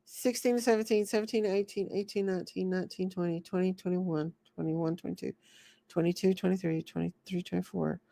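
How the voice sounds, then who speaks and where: A woman hosting a casual livestream while sick and short of breath, greeting viewers by name in slow, drawn-out, sing-song repeats. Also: lowish voice, fairly even intonation, vocal fry, warm tone, dry recording. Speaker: livestream host.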